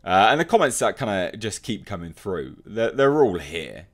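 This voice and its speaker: Low-voiced man mocking online comments. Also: big pitch swings, moderate pace. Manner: mocking, emphatic, laughs at commenters. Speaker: commentary youtuber. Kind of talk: opinionated commentary reading comments.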